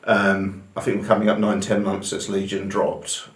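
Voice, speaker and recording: A man's voice: on the low side, level tone, moderate pace. A man hosting a casual tabletop gaming chat, rambling and chatty with lots of fillers. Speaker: podcast host. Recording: roomy echo.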